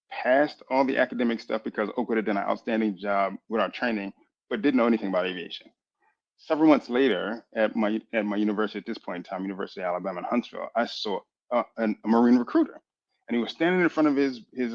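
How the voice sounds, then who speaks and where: A man in his fifties from Boston, a military chaplain telling his story as a radio interview guest, lively and full of acted-out dialogue. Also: medium pitch. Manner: animated, lively storyteller who acts out dialogue. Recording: dull lo-fi radio audio.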